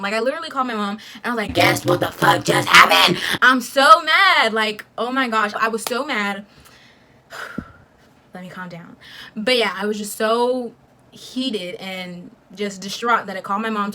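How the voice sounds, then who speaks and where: Animated, bright-voiced young woman vlogger. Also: on the high side. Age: young adult. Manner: animated, swears freely, many "like" fillers. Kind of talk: casual storytime vlog.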